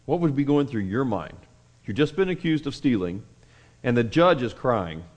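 A man preaching a conversational sermon, reading scripture and acting out the scenes with quick asides. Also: mid-range voice, sing-song, darkish tone, muffled recording. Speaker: pastor.

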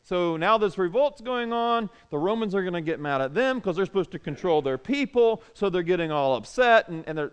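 A pastor preaching an animated sermon, full of rhetorical questions, moving between loud and soft. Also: male voice, high voice, a little fast, few pauses, smooth.

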